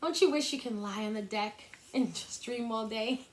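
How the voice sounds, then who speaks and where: A woman's voice: a little high, normal speed. A woman teacher reading a picture book to young children in a sing-song, encouraging way. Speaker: kindergarten teacher.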